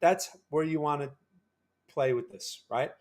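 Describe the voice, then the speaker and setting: A man's voice: on the high side, unhurried, darkish tone. Chatty man streaming live trades. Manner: chatty, repeats words and tags "right?". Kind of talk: casual live-stream commentary.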